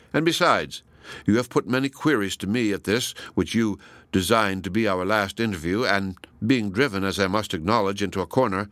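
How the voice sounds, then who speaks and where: A man reading the part of a proud, passionate woman, measured and ironic. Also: fairly low pitch, fairly bright tone, dry recording, natural voice. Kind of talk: audiobook reading.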